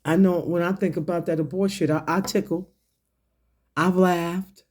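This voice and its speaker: A man's voice: high voice, steady tone, darkish tone. A man giving a profane, confrontational rant to his audience, mocking and questioning someone point by point. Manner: slow, deliberate delivery with pointed questions. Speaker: online commentator. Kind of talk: ranting commentary to camera.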